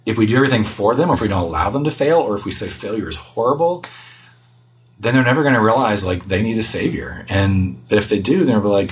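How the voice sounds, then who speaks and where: A man's voice: on the low side, lively intonation, fast, poor audio. A middle-aged man, a guest, giving earnest, self-deprecating conversational answers about parenting in an interview.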